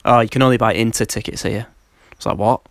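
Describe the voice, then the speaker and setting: A man's voice: fairly low pitch, fairly even intonation, fast, creaky, dry recording, clean studio sound. A man chatting casually on a podcast, telling travel stories and laughing often. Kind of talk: casual chat, anecdote telling.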